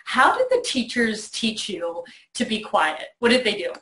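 Animated woman telling a story in an echoey room. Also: a little high, measured pace. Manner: animated storyteller, acts out voices in quotes. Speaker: host. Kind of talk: warm storytelling to a child on video. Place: child's bedroom.

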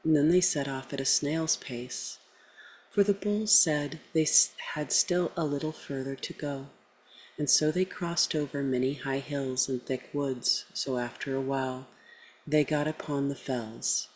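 A woman storyteller reading a folktale aloud in a measured way, letting her lines fall at the ends. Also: rumbling low, rough recording.

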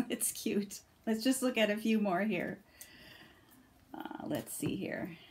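A middle-aged woman in a casual video review, gushing over each card she turns up. Her voice sits at an ordinary pitch, and she laughs often while sharing her delight. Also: slow pace, a little mellow, slight background noise. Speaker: vlogger reviewing oracle cards.

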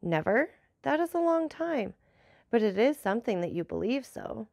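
A woman reading the lines of a calm, commanding nobleman in an audiobook, measured and slightly ironic. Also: a little high, no echo, clean studio sound. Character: commanding, enigmatic nobleman, the Count.

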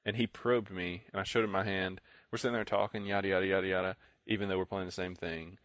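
A young man with a low voice co-hosts a casual podcast and tells long, rambling stories. He acts out other people's lines in the middle of the story. The recording is dry and close to the mic, with no room sound. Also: level tone, quick pace, fairly bright tone, dry recording. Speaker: podcast co-host. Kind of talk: casual chat.

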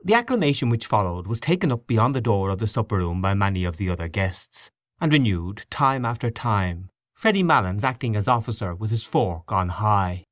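A man narrating an audiobook in a measured storybook reading. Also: on the low side, big pitch swings, no room sound, studio quality. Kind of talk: scripted narration.

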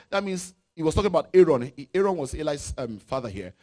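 A male pastor from Nigeria preaching a sermon, chanting scripture and swinging from loud shouts to low asides. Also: big pitch swings, quick pace, few pauses. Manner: reads scripture aloud in a chanting, sung tone.

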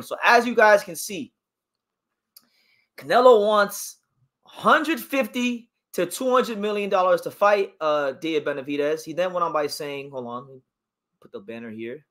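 A man's voice: high-pitched, fairly bright tone. Chatty man hosting a boxing livestream. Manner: chatty, reads viewer comments aloud and reacts; opinionated about fighters. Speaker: boxing channel host. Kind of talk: casual livestream commentary.

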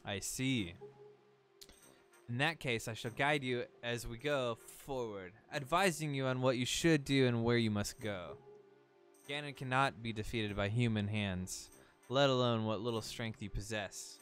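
A man's voice: mid-range voice, a little slow, a bit bright, faint music behind, close to an everyday voice. A man voicing a wise, solemn talking boat who guides a hero, reading game dialogue aloud on stream and tripping over words. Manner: reads text boxes aloud, stumbles on words.

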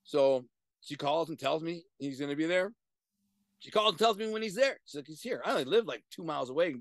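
A middle-aged man, a guest on a video-call interview, telling profane street stories in an animated way with sudden loud bursts. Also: a little high, fairly quick, dry recording. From Detroit, USA. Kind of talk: casual storytelling.

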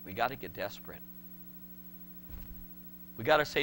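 A middle-aged man preaching a sermon, swinging from shouted pleas to hushed words. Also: medium pitch, moderate pace, slight background noise. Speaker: pastor.

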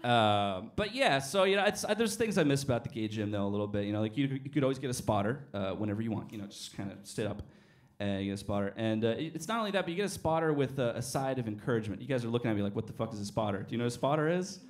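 A man telling stand-up stories on a small cafe stage, animated and swearing freely as he acts out each scene. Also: mid-range voice, racing. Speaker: stand-up comedian. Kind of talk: stand-up storytelling.

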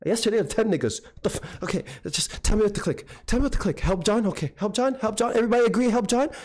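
A man's voice: sits high, quick pace. A man streaming a video game and narrating it live, frantically repeating himself as he panics. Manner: frantic, repetitive, excitable. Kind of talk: live gameplay commentary.

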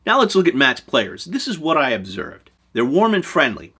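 Animated man teaching game mastering. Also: mid-range voice, moderate pace, breathy edge. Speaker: show host giving game master advice. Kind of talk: scripted talk to camera.

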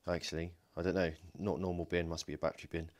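Guy with a low voice rambling thru a battery teardown in his workshop, jokey, lots of ums. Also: flat delivery, fast. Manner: joking, thinks aloud while working, frequent ums and self-corrections. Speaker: DIY electronics video host. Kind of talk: casual hands-on teardown narration. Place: home workshop.

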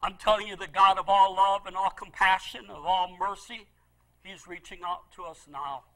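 A middle-aged male pastor preaching a sermon, telling a story with great feeling and swinging from loud pleading to hushed, low asides. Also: fairly even intonation, normal speed, low-quality recording.

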